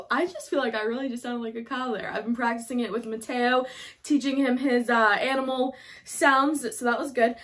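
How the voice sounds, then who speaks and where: Bubbly high-voiced woman gushing to camera. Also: fairly bright tone. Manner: bubbly, gushing, chatty with many fillers. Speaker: fashion haul vlogger. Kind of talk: casual excited chat to camera. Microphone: phone camera.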